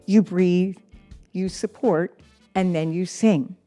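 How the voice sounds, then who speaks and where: A middle-aged woman with a lowish, dark-toned voice teaches a singing lesson, speaking slowly and encouragingly as she reads aloud from her notes and sings examples. Faint music plays behind her.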